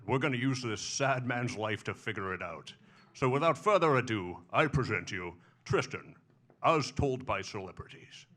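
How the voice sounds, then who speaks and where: A man's voice: medium pitch, lively intonation, normal speed, background noise, close to an everyday voice. A man on stage impersonating a smug older Scottish film star who lisps and drawls. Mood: wry. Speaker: comedic narrator. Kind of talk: live stage impression. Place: small comedy venue.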